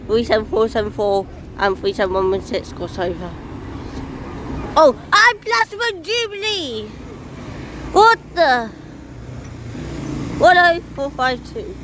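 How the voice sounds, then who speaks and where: A woman filming buses outdoors and giving excited, casual commentary on her phone, exclaiming and laughing often. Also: on the high side. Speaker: transport vlogger. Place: outdoors by a busy road with buses. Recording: outdoor traffic noise. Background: buses and street traffic.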